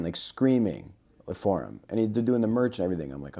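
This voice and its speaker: A man's voice: low-pitched, fairly quick, vocal fry. A man on a podcast as a guest, telling a casual story and acting out the dialogue. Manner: lively anecdote-telling, acting out quoted dialogue.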